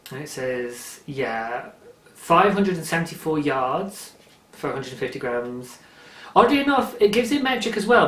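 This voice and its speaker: A man's voice: fairly high pitch, fairly bright tone. Chatty man in a roomy space. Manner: chatty and rambling, laughs often. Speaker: knitting podcast host. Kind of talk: casual chat. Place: indoor room at home, daylight. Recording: roomy echo.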